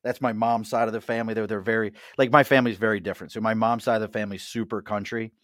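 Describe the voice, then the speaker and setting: A man's voice: fairly low pitch, steady tone, rapid-fire, fairly bright tone, no room sound, studio quality. A middle-aged man with a Mid-Atlantic accent, hosting a casual chat at a bar, jokey and chatty with frequent laughs. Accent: Mid-Atlantic American. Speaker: host.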